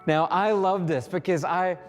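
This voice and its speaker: A male pastor delivering a sermon, telling the story dramatically with pauses and acted-out lines. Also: high-pitched. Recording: reverberant hall with faint music.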